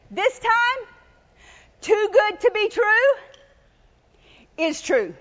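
A woman preaching a sermon in an emphatic, repetitive style, building to loud cries. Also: extremely high pitch, very animated, extremely slow, pauses often, big-room sound, lo-fi sound, slight background noise.

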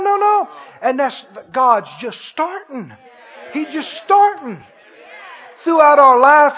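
High-voiced, slow-talking exuberant preacher man. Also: fairly bright tone, big-room sound, dull audio. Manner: exuberant, laughing, acts out awe with cries. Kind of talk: sermon.

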